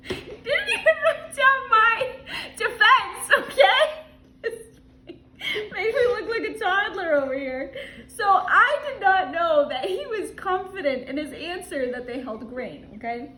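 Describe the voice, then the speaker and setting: A woman's voice: very high voice, big pitch swings, takes it slowly, sharp tone, echoey room, a little hiss or hum. A woman reading a travel story aloud and breaking off with her own asides, laughing often as she goes. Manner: giggly, laughs often through her words.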